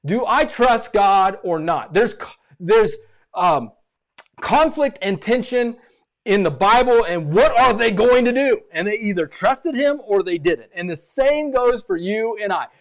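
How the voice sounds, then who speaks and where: A man preaching a sermon as pastor, animated and repeating phrases for emphasis. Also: sits high, a little slow.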